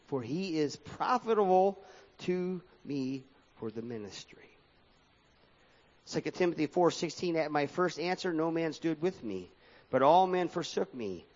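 A man's voice: a little high, a little mellow. A man preaching a sermon with a sing-song cadence that swings up and down, reading scripture aloud in a church hall. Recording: dull lo-fi sound with long hall reverb.

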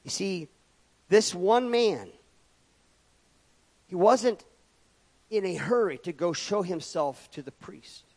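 Preacher, male, high voice, unhurried delivery, big swings from loud to hushed, reverberant church hall. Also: animated. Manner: dynamic, swings between loud emphatic rises and quiet drops. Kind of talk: sermon.

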